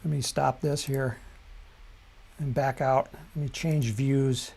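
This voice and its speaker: A man hosting a live software tutorial, talking casually and thinking aloud at his computer, with frequent ums and self-corrections. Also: medium pitch, steady tone, slow, vocal fry, husky. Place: at a computer desk.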